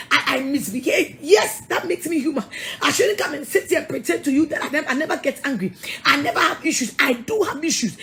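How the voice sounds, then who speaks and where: High-voiced Ghanaian woman preaching emphatically. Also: a bit bright. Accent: Ghanaian English. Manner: emphatic, scolding, repeats words, laughs often. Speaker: pastor. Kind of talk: sermon-style counselling talk.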